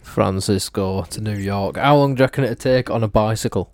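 A young man co-hosting a casual podcast, teasing his friend with quick-fire questions and calling him mate and bro. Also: lowish voice, darkish tone, dry recording, studio quality. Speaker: podcast co-host.

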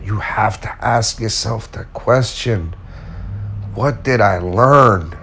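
A man's voice: lowish voice, slow, bright, forceful tone, a little hiss or hum. A man speaking casually and candidly to his viewers, giving self-help advice and telling a personal story with acted-out quotes. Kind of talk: casual motivational talk to viewers.

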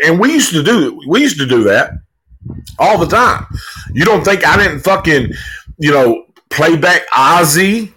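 A man's voice: medium pitch, expressive, slow, a bit bright, husky, rough recording. A man hosting a live podcast, reviewing a movie in a laid-back, casual way, swearing freely and leaning on fillers. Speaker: podcast host reviewing a film.

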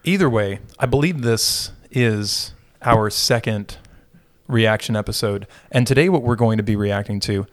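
A man's voice: on the low side, measured pace. A middle-aged man co-hosting a podcast, chatting casually and joking, rambling with restarts. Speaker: podcast co-host.

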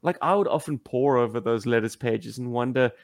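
A man co-hosting a podcast in casual chat, mixing wry teasing with an earnest appeal to listeners. He laughs often. His voice sits at an ordinary pitch and sounds dry and close, with no room around it. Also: brisk, no echo. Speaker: podcast co-host.

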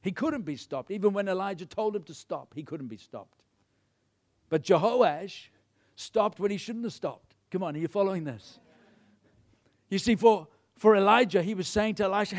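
A man's voice: sits high, normal speed. A man preaching a sermon, retelling a Bible story and acting out the characters' lines. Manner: animated storytelling, acts out the characters.

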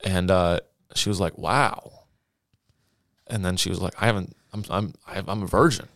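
A young man co-hosting a podcast, telling a story in casual, animated talk with lots of swearing and acted-out quotes. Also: sits low, moderate pace, vocal fry, no echo, clean studio sound. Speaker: podcast co-host.

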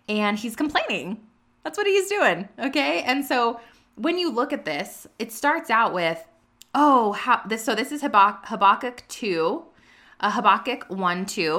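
A woman vlogging casually about her faith, chatty and earnest, full of "like" and "you know", reading scripture aloud with quick personal reactions. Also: medium pitch, sharp tone. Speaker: vlogger sharing a faith and business update. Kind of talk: casual faith vlog talk.

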